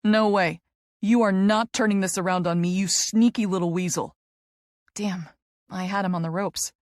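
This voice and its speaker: A woman reading a romance audiobook in the first person, close to the mic in a dry, dead room. Her voice sits at an ordinary middle pitch, and her delivery is intimate and emotional. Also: a little mellow, no echo. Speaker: audiobook narrator.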